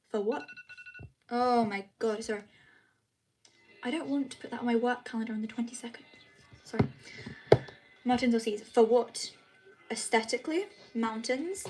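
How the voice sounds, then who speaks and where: A British woman with a slightly high voice chats casually on a live stream from home at night. She reads viewer comments aloud and answers them in a chatty, apologetic way. The recording quality is low.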